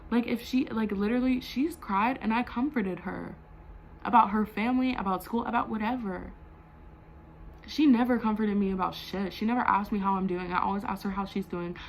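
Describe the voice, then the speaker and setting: A woman's voice: medium pitch, fairly even intonation, moderate pace, a little hiss or hum, rough recording. A young adult woman telling a storytime vlog in a heated, profane way, full of "like" fillers. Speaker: vlogger.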